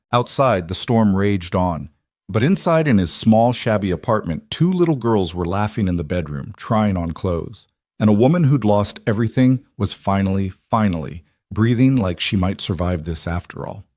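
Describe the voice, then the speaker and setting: A man with a low voice narrating a scripted story in a calm, even way. The recording is dry and close, with no room sound. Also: no room sound.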